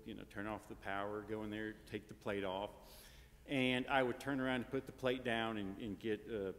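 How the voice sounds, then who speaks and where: A grandson giving a casual, anecdotal funeral eulogy in a large church, full of fillers and tag questions. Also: male voice, on the low side, steady tone, moderate pace, fairly bright tone. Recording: long church reverb.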